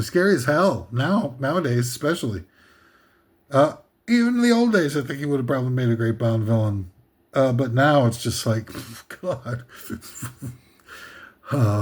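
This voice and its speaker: A man hosting a comedic countdown list, ranting sarcastically and rambling with many fillers and asides. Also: a little high. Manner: sarcastic, meandering, with frequent fillers and laughs. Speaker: host.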